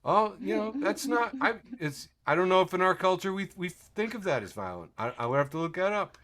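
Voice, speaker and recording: A man's voice: high voice, sing-song, brisk, fairly bright tone. A man hosting a podcast who runs through news items in a rambling, sardonic way, swearing freely and chuckling often over a video call. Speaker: podcast host. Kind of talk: casual news-and-memes chat.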